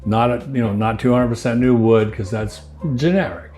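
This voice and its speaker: An older man answering interview questions in a relaxed, rambling way, restarting phrases and chuckling often. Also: mid-range voice, normal speed, soft background music. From United States. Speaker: winery owner interviewee.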